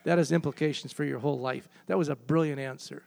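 A man's voice: on the high side, steady tone, fast, creaky, darkish tone. A man preaching a sermon, emphatic and repeating key phrases for weight. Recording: long hall reverb.

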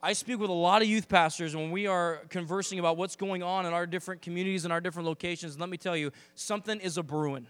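High-voiced animated man preaching. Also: quick pace, hardly any pauses, clear, resonant tone, no room sound. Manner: animated, conversational preaching with acted-out asides. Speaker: pastor. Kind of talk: sermon.

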